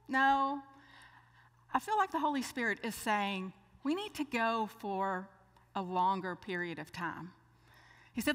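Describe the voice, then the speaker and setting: An older woman preaching a sermon, telling a lively story and acting out the dialogue. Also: a little high, moderate pace. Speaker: speaker. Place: church. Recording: long church hall reverb.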